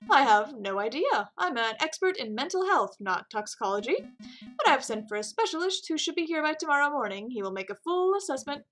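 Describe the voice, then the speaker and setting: A woman voicing a calm male doctor in a game, who speaks slowly and reassuringly. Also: sits high, faint music behind. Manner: slow, reassuring. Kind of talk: game dialogue read aloud.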